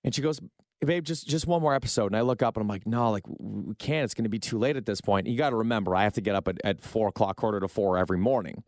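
A man's voice: on the low side, quick pace, darkish tone, no room sound, clean studio sound. A young man from Canada co-hosting a morning radio show, telling stories with lots of fillers and restarts. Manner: rambling storyteller with many fillers. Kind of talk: casual radio banter. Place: radio studio. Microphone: studio microphone.

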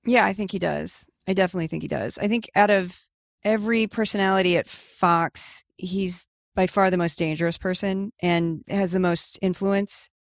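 A woman answering interview questions in a casual, animated way, full of "like" and "you know". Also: fairly low pitch, moderate pace, gravelly, no echo, clean studio sound. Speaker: guest, media newsletter writer.

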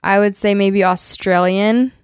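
A young woman co-hosting a podcast, chatting casually in a bubbly, giggly, animated way. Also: mid-range voice, measured pace, smooth, dry recording, studio quality. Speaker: podcast co-host. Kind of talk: casual chat.

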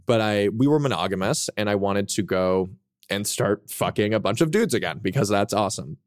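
A man's voice: on the low side, lively intonation, brisk, no echo, clean studio sound. A man in his twenties telling candid, profane stories as a guest author on a casual podcast.

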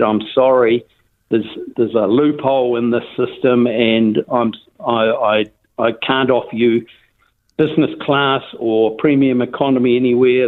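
An older man with a New Zealand accent, telling his story in a casual phone interview, rambling with restarts and fillers. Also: medium pitch. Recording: tinny phone line.

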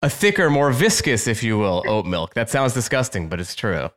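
A man's voice: mid-range voice, very animated, normal speed, fairly bright tone. Upbeat male podcast host. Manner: upbeat, laughs often, jokey asides. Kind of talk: casual interview chat.

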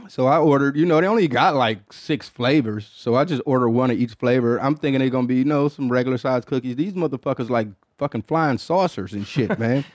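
A man's voice: mid-range voice, a little fast, hardly any pauses, no echo, clean studio sound. Profane, loose-talking man hosting a podcast. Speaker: podcast host. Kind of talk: casual chat.

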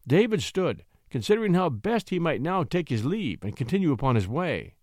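A man narrating a classic short story in an expressive, scripted reading voice. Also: fairly high pitch, moderate pace, no room sound, clean studio sound. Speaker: audiobook narrator.

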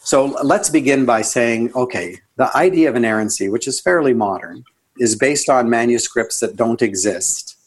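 A man being interviewed as a guest author on a podcast, talking in a reflective, earnest way and sometimes leaping up in pitch for emphasis. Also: animated, moderate pace, husky.

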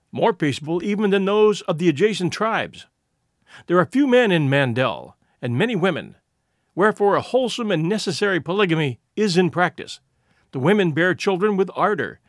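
Expressive male storyteller. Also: sits high, dry recording, studio quality. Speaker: narrator. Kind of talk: audiobook narration.

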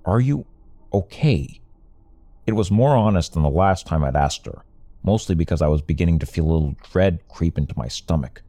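Deep-voiced young man narrating a story. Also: fast talker, dark tone. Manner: wry, conversational first-person telling.

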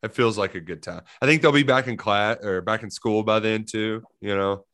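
A man co-hosting a casual sports podcast, telling stories in an animated way and laughing often. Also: on the low side, moderate pace. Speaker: podcast co-host.

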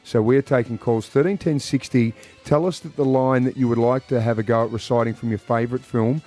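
A man's voice: mid-range voice, fairly even intonation, mellow, soft background music. A man hosting a morning radio show, chatting in an upbeat, jokey way with his guest and co-host. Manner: jokey, upbeat, quick asides. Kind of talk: casual radio chat.

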